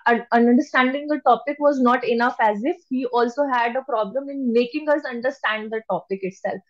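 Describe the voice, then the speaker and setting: Woman trainer, fairly high voice, emphatic pitch shifts, muffled lo-fi online audio. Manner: emphatic, deliberately shifts pitch to stress words. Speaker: public speaking trainer. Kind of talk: lecture to an online audience.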